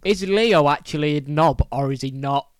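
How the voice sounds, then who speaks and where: A man with a slightly high voice talks in teasing slang and keeps throwing out questions. The sound is dry and close-miked. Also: moderate pace, clear, resonant tone, no echo. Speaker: podcast co-host. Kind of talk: casual film chat.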